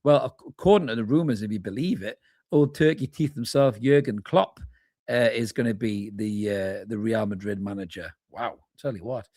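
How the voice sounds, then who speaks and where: A man's voice: lowish voice, moderate pace, darkish tone, no echo, clean studio sound. Chatty man hosting a live fan reaction. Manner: chatty, informal, calls viewers mate. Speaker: fan channel host. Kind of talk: live match reaction, reading chat comments.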